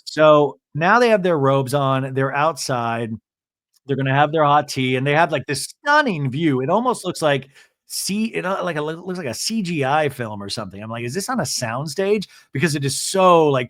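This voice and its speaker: A man hosting a podcast, telling a comedic TV recap in chatty, animated storytelling. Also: on the high side, normal speed, dry recording, studio quality. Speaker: podcast host.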